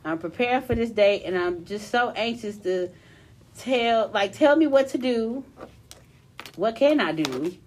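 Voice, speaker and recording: A young woman reads a listener's letter aloud on a casual podcast. Her pitch swings a lot as she tells the story, and she laughs often. A faint hiss sits under the recording. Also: expressive, unhurried.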